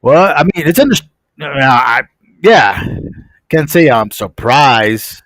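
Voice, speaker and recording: A man's voice: mid-range voice, takes it slowly, no room sound, low-quality recording. Young guy streamer telling a story, voice jumps all over, dry close sound. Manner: animated, acts out voices in the story. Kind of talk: casual storytelling.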